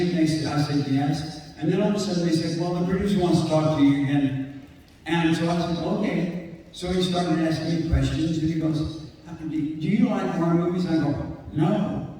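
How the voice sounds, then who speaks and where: An older man spins lively stories for a crowd, slipping into the voices of the people in them. His voice is mellow and a little high for a man. It comes from far off the mic in a big hall with a long echo and faint room noise. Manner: animated storyteller acting out quoted voices. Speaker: convention panel guest. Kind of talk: storytelling to a live audience. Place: large convention hall. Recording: echoey hall picked up from far off.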